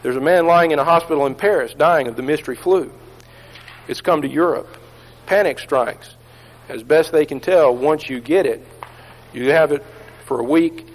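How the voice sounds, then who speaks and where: A man preaching a sermon, telling a dramatic story with intensity and dropping into hushed tones. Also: on the high side, long reverb tail, poor audio.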